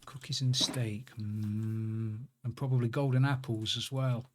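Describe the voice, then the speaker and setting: A man's voice: medium pitch, steady tone, moderate pace, a little hiss or hum. A man chatting casually on a live game stream, rambling to himself and greeting viewers by name. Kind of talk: casual live-stream chat while playing.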